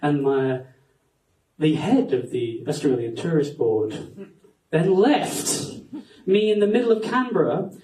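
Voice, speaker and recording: A man's voice: fairly high pitch, animated, slow pace, pauses often, warm tone, distant mic, slight background noise. A Scottish man doing a stand-up set on a comedy club stage, rambling, self-mocking and sweary. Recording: roomy club sound from off-mic.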